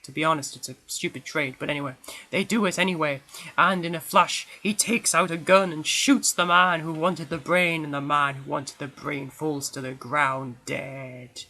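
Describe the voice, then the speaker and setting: A man's voice: fairly high pitch, fairly even intonation, normal speed, pushed and bright, low-quality recording. A man giving a casual spoken film review, rambling and correcting himself with frequent ums.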